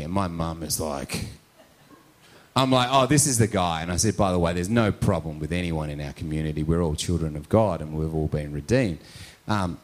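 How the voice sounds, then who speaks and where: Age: adult. A male pastor telling a story in a conversational sermon, often tagging his points with "right?". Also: low-pitched. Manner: storytelling, frequent "right?" tags.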